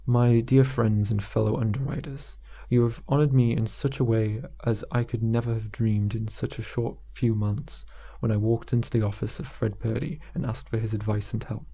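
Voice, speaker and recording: Man voicing a frantic young salesman, gravelly. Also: lowish voice, fairly even intonation, moderate pace, warm tone. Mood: formal. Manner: frantic, rambling, pleading. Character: desperate young male insurance salesman, breaking down.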